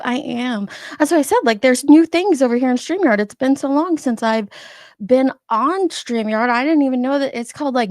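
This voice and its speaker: A woman's voice: a little high, gravelly, no echo, studio quality. A woman in her forties hosting a casual live stream, chatting and laughing as she greets viewers by name. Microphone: streaming setup microphone.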